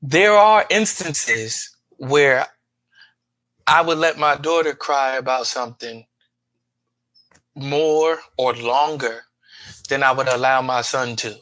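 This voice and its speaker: A man's voice: mid-range voice, takes it slowly, long pauses, sharp tone, no room sound. Emphatic man in a dry room. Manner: emphatic, repeats words for stress. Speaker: podcast co-host; father. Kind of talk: casual group chat.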